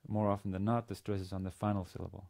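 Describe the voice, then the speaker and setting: A man lecturing on a language lesson, speaking haltingly with many fillers and restarts. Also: low voice, little pitch movement, gravelly, darkish tone. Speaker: university lecturer.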